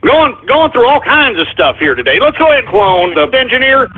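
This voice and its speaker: A man's voice: extremely high pitch, very animated, a little fast. A radio show host, ranting and swearing at his listeners in exasperation. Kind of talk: call-in radio rant. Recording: phone-like lo-fi audio with faint music.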